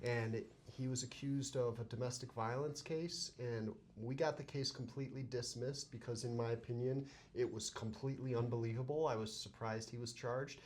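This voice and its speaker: A man's voice: medium pitch, steady tone, normal speed, few pauses, a little mellow, a little hiss or hum. A man co-hosting a legal podcast as a criminal defense lawyer, chatting casually and laughing often while telling stories.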